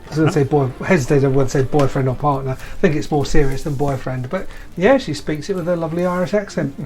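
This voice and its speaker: A man's voice: a little high, quick pace, a little mellow, soft background music. A British man in his sixties, a tabletop game player chatting casually and rambling, repeating words as he restarts. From Britain. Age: 60s. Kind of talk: casual chat.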